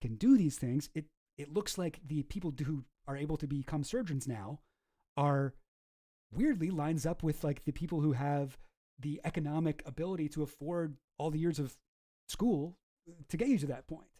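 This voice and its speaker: Man, reaction commentary host, fairly high pitch, warm mellow tone, profane rant, lots of restarts. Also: moderate pace. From Canada. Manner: profane, ranting, with frequent restarts.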